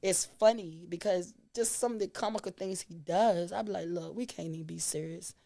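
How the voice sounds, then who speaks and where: A woman's voice: lowish voice, moderate pace, creaky, mellow. A woman, a guest on an interview show, telling stories animatedly and laughing often. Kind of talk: casual interview chat.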